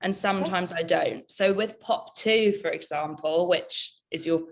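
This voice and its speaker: A woman's voice: lowish voice, unhurried. A young woman chatting casually as an interview guest, giggly and full of filler words, over a video call. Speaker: interview guest, singer-songwriter. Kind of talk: casual chat.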